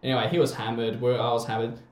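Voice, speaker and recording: A man's voice: mid-range voice, level tone, quick pace, reverberant. A young Australian man with an Australian accent, telling rambling stories in casual chat, swearing and laughing often.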